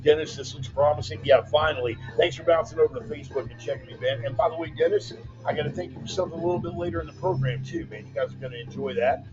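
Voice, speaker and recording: A loose, joking man hosts a weekly online commentary show, reading viewer comments and calling listeners "man" and "brother." He speaks quickly in a voice on the high side. His laptop mic produces dull lo-fi audio over bumper music.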